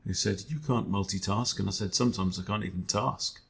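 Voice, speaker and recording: A man's voice: fairly low pitch, a little fast, gravelly, fairly bright tone. A man, a chess coach, thinking aloud during an online game in a wry, self-deprecating way, often muttering to himself.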